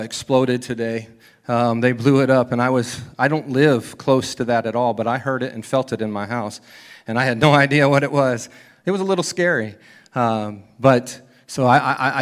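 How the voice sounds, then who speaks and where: Guy pastor preaching in church, tells the story like he's acting it out, goes way quiet to a whisper sometimes, mid pitch. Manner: storytelling, acting out scenes, whispering God's words. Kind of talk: sermon.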